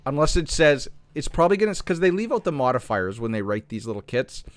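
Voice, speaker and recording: A man with a slightly hoarse voice reading game patch notes aloud and reasoning through them, often correcting himself mid-sentence. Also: medium pitch, sing-song, fast, dry recording. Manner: thinks aloud, restarts and self-corrects. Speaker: gaming content creator.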